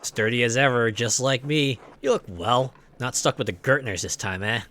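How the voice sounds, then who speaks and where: A man's voice: medium pitch, normal speed, sharp tone, slight background noise, lightly acted. A man voicing a boastful, jovial middle-aged miller in a story-driven video game, reading the lines aloud. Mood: hearty.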